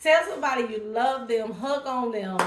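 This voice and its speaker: A woman's voice: fairly high pitch, moderate pace, roomy sound, background noise. A woman vlogger talking casually and emphatically to her viewers, encouraging them. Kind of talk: casual direct-to-camera talk.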